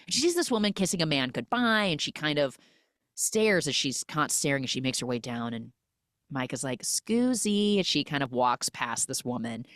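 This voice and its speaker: Low-voiced woman recapping with animated storytelling. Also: normal speed, no echo, studio quality. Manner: animated storytelling, acts out quoted lines. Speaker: podcast host. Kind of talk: casual recap chat.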